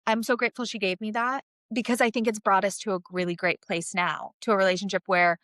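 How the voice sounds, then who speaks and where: A woman's voice: medium pitch, fairly even intonation, fast talker, no room sound. Earnest woman chatting on a podcast. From Russia. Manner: earnest, warm, many fillers like "like" and "you know". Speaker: podcast co-host, mother. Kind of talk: casual podcast chat.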